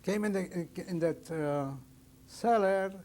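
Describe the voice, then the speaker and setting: A man in his sixties giving oral history testimony as a survivor, telling his story plainly and haltingly, often restarting his sentences. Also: high voice, darkish tone. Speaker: Holocaust survivor interviewee.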